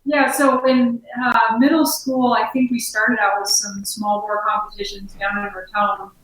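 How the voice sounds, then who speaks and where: A woman from Colorado, a former biathlete, talking casually as an interview guest with relaxed, filler-heavy speech. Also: mid-range voice, normal speed. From Colorado, United States. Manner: relaxed, chatty, with many fillers. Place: inside her outdoor gear shop. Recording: echoey room, voice far from the mic.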